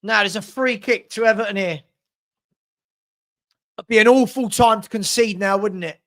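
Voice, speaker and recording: Excitable football fan commentating. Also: male voice, high-pitched, moderate pace. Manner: excitable, partisan, shouting at big moments. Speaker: fan watch-along commentator. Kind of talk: live match watch-along commentary. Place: home room with a dog.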